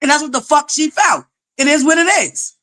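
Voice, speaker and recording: A woman's voice: sits high, normal speed, fairly bright tone. A woman hosting her own commentary channel, ranting in an exasperated, profane, emphatic way, often stammering and restarting. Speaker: commentary vlogger. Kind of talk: heated reality TV commentary rant.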